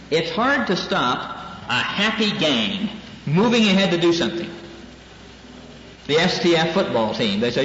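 A man's voice: on the high side, a bit bright. A male minister teaching a class in an earnest preaching style, repeating key lines for emphasis. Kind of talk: preaching lecture. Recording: dull echoey hall with faint hiss.

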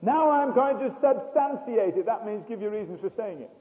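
A man delivers a storytelling sermon, his high voice leaping up and down as he swings from hushed asides to loud declarations. The recording is thin and tinny, as if heard over a phone line, with a long reverb trailing behind him in a large hall. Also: expressive, moderate pace, a little hiss or hum. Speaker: preacher.

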